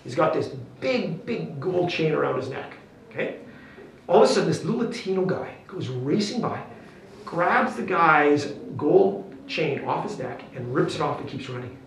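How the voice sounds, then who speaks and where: A man's voice: a little high, lively intonation, normal speed, vocal fry, slight background noise. A male teacher leading a classroom lesson, upbeat and coaxing, constantly checking in with "okay?" and "right?". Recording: very echoey classroom, distant mic.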